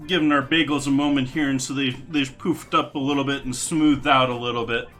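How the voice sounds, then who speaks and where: Bright-voiced man hosting a cooking stream. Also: medium pitch, steady tone, a little fast, faint music behind. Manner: talks to chat while cooking, loose and chatty. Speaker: cooking livestream host. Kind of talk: casual live cooking chat.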